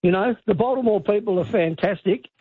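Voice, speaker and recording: Husky, blunt caller. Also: male voice, sits high, a little fast, dry recording. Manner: blunt, opinionated. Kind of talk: talkback call. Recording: tinny phone line.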